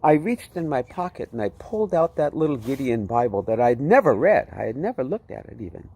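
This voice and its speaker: A man telling his personal testimony in a vivid, animated way, often repeating himself. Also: medium pitch, brisk, breathy edge. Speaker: testimony speaker.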